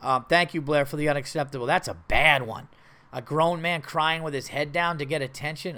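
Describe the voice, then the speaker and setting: A man's voice: on the high side, animated, moderate pace, pushed and bright. A man hosting a casual podcast, talking in a slightly raised register as he reads listener mail and fires back blunt, profane reactions. His delivery is loose and rambling, full of fillers and restarts. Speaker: podcast host and stand-up comedian. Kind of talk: casual podcast chat, reading listener letters aloud.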